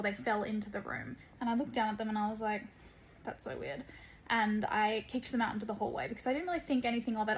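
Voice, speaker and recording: A woman recounting an eerie travel experience to camera in a measured storytelling way. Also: on the high side, a little hiss or hum, poor audio.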